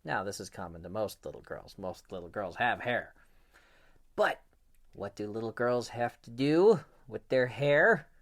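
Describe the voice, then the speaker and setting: A man's voice: on the low side, animated, measured pace. A man telling a children's story in a playful, theatrical way, a dad reading to his kids. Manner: playful, theatrical, drops to whispers.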